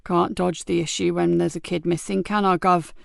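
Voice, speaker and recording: A woman's voice: on the low side, level tone, moderate pace, vocal fry, no echo, clean studio sound. A woman voicing a tired, big male police officer who talks plain and weary.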